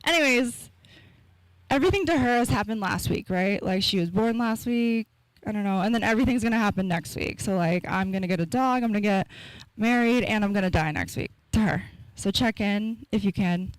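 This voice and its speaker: A woman doing a stand-up set in a small live comedy room, rambling and deadpan, with self-mocking asides into a stage mic. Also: medium pitch, fairly quick, no room sound, low-quality recording.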